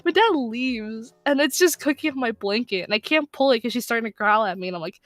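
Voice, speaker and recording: Bright, animated woman telling a story. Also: on the high side, brisk, few pauses, dry recording. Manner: animated, swears a lot, loud bursts when excited. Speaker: guest co-player, voice actor. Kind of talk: casual storytelling over a game stream.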